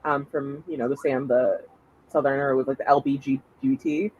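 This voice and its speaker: A man's voice: medium pitch, fairly even intonation, moderate pace, muffled recording, a little hiss or hum. A man co-hosting a reality TV podcast, thinking aloud with lots of fillers and restarts. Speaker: podcast co-host. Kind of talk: casual chat.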